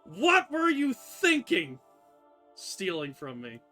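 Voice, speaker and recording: A man voicing a grouchy, angry female fox spirit in a tabletop game, shrill and shouting. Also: a little slow, faint music behind, natural voice. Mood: irritated.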